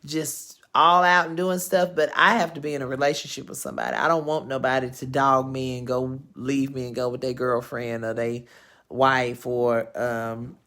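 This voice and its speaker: A woman's voice: a bass voice, moderate pace. A woman in her thirties hosting her own live vlog, telling personal stories to viewers in a frank, profane, rambling way. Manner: frank and profane, rambling with lively swings in emphasis. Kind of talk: casual storytelling to viewers.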